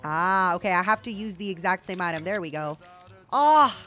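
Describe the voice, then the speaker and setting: A young woman streaming a video game, chatting casually with viewers in excitable bursts. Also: fairly low pitch, normal speed. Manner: excitable, yelling and laughing bursts. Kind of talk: casual gameplay commentary. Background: game music.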